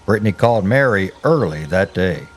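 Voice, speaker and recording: A man hosting a true crime show, giving measured, scripted narration. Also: sits low, expressive, faint music behind.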